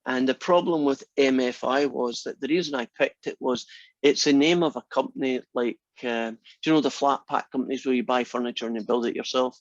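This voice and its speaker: A man's voice: medium pitch, brisk, dry recording. A man, a math instructor, telling a long rambling anecdote to his class. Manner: rambling, animated storyteller. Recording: dull, dry lo-fi classroom recording.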